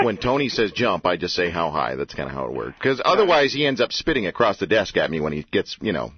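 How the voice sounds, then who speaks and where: A man's voice: sits low, big pitch swings, quick pace, husky, no echo. A man hosting a radio interview, joking and teasing his guest, on a dull lo-fi radio recording. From Canada. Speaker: radio host.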